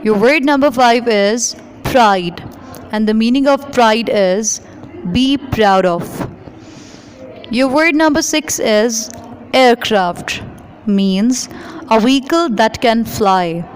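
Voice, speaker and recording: A woman teacher, speaking in a fairly high voice. She reads a lesson aloud and explains new words in a measured, instructive way, speaking straight to her students. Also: a little hiss or hum, rough recording. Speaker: English teacher. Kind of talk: reading a story aloud and explaining vocabulary.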